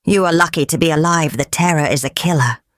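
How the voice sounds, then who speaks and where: Male king, voiced by a woman, calm, concerned, questioning, storybook. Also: low-pitched, a little fast, dry recording, studio quality, lightly acted.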